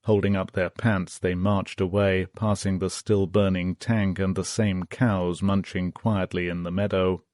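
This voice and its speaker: Low-voiced man reading an audiobook. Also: level tone, unhurried, hardly any pauses, a little mellow, no echo, clean studio sound. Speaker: audiobook narrator. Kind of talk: audiobook narration.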